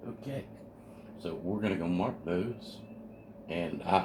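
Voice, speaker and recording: In a noisy home video, an amateur radio hobbyist eagerly walks through assembling a radio kit at his workbench, explaining each step as he goes. His voice is low and his pace slow.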